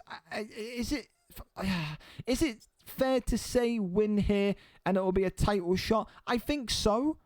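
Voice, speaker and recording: A man's voice: a little high, darkish tone, no room sound. A man hosting and commentating an online fight league live stream, blunt and exasperated, swearing freely.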